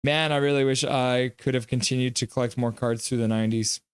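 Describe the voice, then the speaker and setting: A man hosts a live hockey reaction stream in a chatty, joking way, reading viewers' messages aloud and breaking into quick play-by-play calls. His voice is smooth and clear, pitched in a middle range, and it sounds dry and close with no room echo. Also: fairly even intonation.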